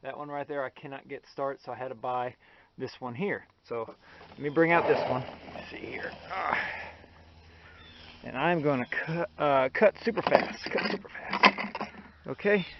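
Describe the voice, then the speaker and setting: A man's voice: medium pitch, moderate pace, lo-fi sound, heavy background noise. A man vlogging in a casual, folksy way, chatting straight to his viewers about chores around the house. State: out of breath at times. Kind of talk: casual home vlog.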